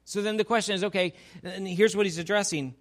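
A man's voice: high-pitched, fairly even intonation, fast. A man preaching a sermon, who reads scripture and acts out its dialogue with playful humor. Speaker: pastor.

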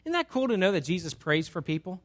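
A man's voice: sits high, sing-song, quick pace. A male pastor preaching a sermon and asking his congregation rhetorical questions.

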